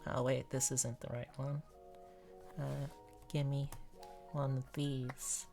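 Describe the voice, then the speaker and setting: A woman's voice: extremely low pitch, flat delivery, takes it slowly, gravelly, dark tone, faint music behind. A woman streaming as she draws, sleepy and yawning, chatting loosely and breaking into clumsy joking freestyle raps. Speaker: streamer drawing live.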